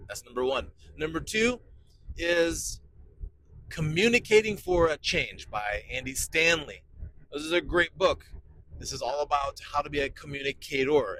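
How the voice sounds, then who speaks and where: A man's voice: fairly high pitch, sharp tone, slight background noise, poor audio. Emphatic fortyish male pastor. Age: 40s. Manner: enthusiastic, emphatic, repeats key phrases. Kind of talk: casual podcast talk.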